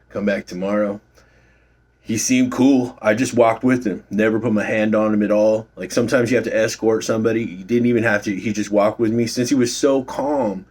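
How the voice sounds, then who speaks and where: A middle-aged man recording himself at work, telling a rambling story about his bouncer days with fillers and swearing. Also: on the low side. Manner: rambling, swears freely, many fillers and restarts. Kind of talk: casual storytelling vlog. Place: at his workplace.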